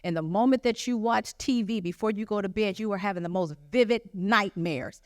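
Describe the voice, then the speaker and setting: A young adult woman doing stand-up comedy, telling profane stories in a loud, animated way and acting out the people she quotes. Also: medium pitch, a little fast.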